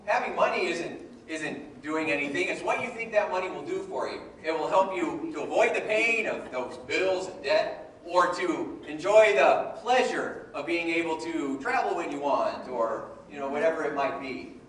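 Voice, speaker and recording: A man with a Midwestern American accent giving a humorous, animated motivational talk to a live audience. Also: fairly high pitch, moderate pace, a little hiss or hum. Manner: humorous and animated, with playful voices. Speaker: motivational speaker. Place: large event hall with a live audience. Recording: echoey hall recorded from far off. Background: audience laughter and room ambience.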